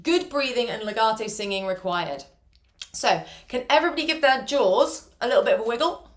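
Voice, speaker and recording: A woman's voice: on the high side, lively intonation, fairly quick. A woman leading an online singing class from home over a video call, chatty and encouraging. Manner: encouraging, chatty, demonstrates sounds. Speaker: choir singing teacher. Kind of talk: online vocal warm-up lesson.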